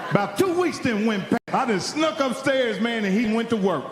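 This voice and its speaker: High-voiced man doing profane stand-up. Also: moderate pace, background noise. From Indiana, US. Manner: profane, animated, acts out the people in his stories. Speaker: stand-up comedian. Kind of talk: stand-up storytelling. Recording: live hall recording with long reverb.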